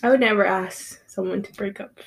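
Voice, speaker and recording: A woman's voice: medium pitch, brisk, gravelly. A young woman in casual chat with a friend, earnest and easily flustered, with many fillers. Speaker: friend chatting.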